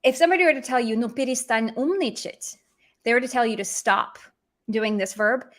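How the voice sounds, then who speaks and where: A woman's voice: on the high side, expressive, fast talker, fairly bright tone. A woman teaching an online language lesson, talking in a chatty way and acting out sarcastic examples.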